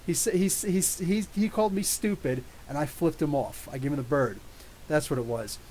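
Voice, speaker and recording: Man, podcast host, rambling animated storyteller, slightly high voice, faint hiss. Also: brisk, rough recording. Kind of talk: casual live chat reading viewer questions.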